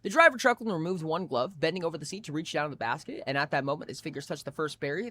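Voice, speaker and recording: A man's voice: a little high, animated, fast talker, hardly any pauses, fairly bright tone. A man streaming live, reading a story aloud expressively with frequent restarts.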